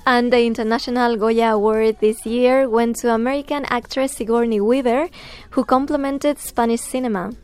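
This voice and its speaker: A woman presenter reading scripted news in a measured, even newsreader delivery. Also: fairly high pitch.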